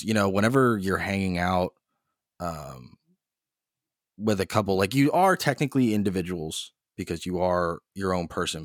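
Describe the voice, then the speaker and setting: A man's voice: low-pitched, dry recording, studio quality. A man in his twenties co-hosting a podcast, speaking casually in a hesitant, reflective way. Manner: hesitant, reflective, many restarts. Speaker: podcast co-host. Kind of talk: casual chat.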